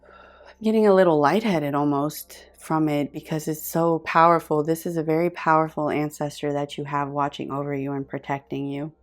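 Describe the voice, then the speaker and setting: A woman giving a pick-a-card tarot reading in an earnest, effusive way, pausing often and restarting her sentences as she reaches for words. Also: sits low, fairly even intonation, soft background music. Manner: earnest, effusive and intuitive, with frequent pauses and restarts. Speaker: tarot reader.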